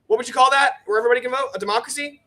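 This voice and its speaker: A high-voiced man from Texas fires off arguments at breakneck speed in a heated debate. He is combative and profane and keeps cutting across the others. His tone is bright and piercing. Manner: rapid-fire, combative, profane, talks over others.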